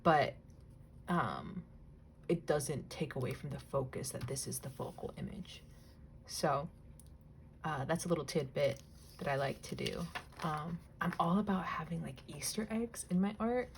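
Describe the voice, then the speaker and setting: A young woman chatting casually while cutting images from a magazine, rambling, laughing often, swearing lightly and now and then dropping to a soft whisper. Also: low-pitched, animated, a little slow, vocal fry, long pauses, a little hiss or hum. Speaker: crafting vlogger. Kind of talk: casual chatty crafting vlog.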